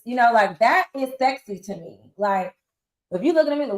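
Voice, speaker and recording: A woman's voice: fairly high pitch, a little fast. A woman in her forties telling stories in a casual interview, acting out what others said. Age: 40s. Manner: animated storyteller acting out quotes. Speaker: interview guest. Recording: roomy echo.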